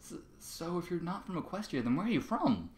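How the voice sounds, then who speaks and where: A man's voice: a little high, sing-song, fairly quick, a little mellow, echoey room, voice pushed up. A man doing a timid young filly.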